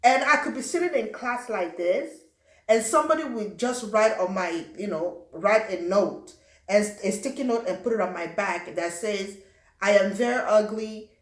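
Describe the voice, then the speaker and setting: A young woman from Africa telling a personal story in a lively way, acting out what people said and adding sound effects. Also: medium pitch, moderate pace. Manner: animated, acts out quotes and sound effects. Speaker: vlogger. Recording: roomy echo.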